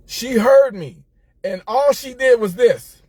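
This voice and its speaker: A middle-aged man hosting a casual storytelling monologue, animated and laughing as he talks to his listeners. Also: very high-pitched, slow, husky, no room sound. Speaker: host.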